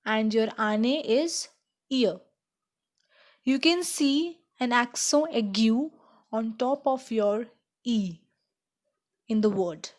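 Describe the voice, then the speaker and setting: Slow-speaking woman teaching beginner French. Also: on the high side. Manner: slow and careful, checks in with "okay?". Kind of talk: slow beginner language lesson.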